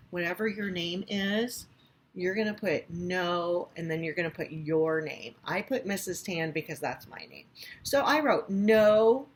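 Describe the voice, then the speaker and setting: A young woman teaching kindergarten online, reading a picture book and explaining an assignment in a gentle sing-song way with lots of "okay?" check-ins. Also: lowish voice, husky, rough recording. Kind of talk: reading aloud and giving an assignment to young children.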